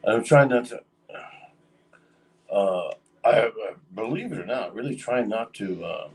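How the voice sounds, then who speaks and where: A man's voice: lowish voice, lively intonation, unhurried, a little mellow, far from the mic, rough recording. A man casually telling a long story on a livestream, rambling with lots of fillers. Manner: rambling, many fillers, acts out quoted voices.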